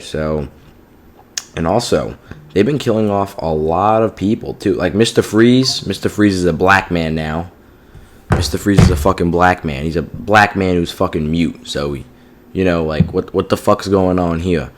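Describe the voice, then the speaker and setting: Deep-voiced man ranting casually. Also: normal speed. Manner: profane and exasperated, heavy use of "like" and "you know what I mean". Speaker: TV show reviewer.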